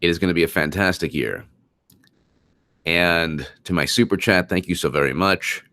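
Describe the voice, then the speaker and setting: Running a political live stream, a man with a low, deep voice speaks emphatically at a moderate pace, his tone pushed and bright, and he repeats his points often. He pauses to answer viewer comments, reading super chats aloud. The audio is dry and close, with no room echo.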